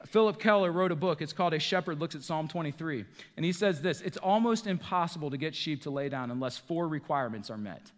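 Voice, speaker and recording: A man from the northeastern United States preaches a sermon with a high voice. His delivery swings between hushed, low passages and rising emphasis. The long reverb of a church hall hangs behind him. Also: expressive, fast, hardly any pauses. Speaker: pastor. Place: church sanctuary.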